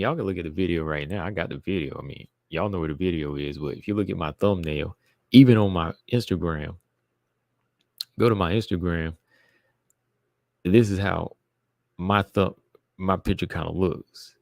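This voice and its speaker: A man's voice: sits low, vocal fry, a little mellow, no echo, studio quality. A man hosting a live talk stream, chatting casually and emphatically to his viewers, repeating phrases and calling out to the chat. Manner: informal, uses "y'all" and "be listening". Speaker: podcast host.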